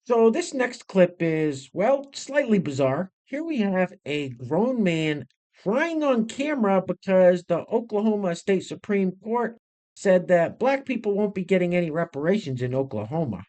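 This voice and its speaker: Sarcastic male commentary host, lively pitch. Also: unhurried. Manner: sarcastic, mocking asides. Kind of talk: scripted commentary on video clips.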